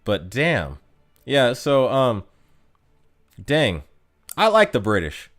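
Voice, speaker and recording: Chatty American man, lively pitch. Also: slow pace. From United States. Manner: rambling and chatty, lots of fillers and restarts. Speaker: streamer. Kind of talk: casual live-stream chat.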